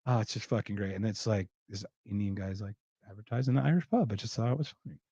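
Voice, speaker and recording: A man's voice: lowish voice, fast, dark tone, breathy edge, no room sound, highs cut off. A man hosting a podcast, ranting and joking in casual, profane chat. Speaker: podcast host.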